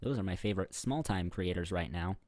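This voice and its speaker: Talking briskly in a low, slightly mellow voice, a young man runs a casual Q&A vlog. He's a YouTuber responding to viewer questions, rambling with fillers and restarts and chuckling at what he says. A webcam setup facing the camera picks him up.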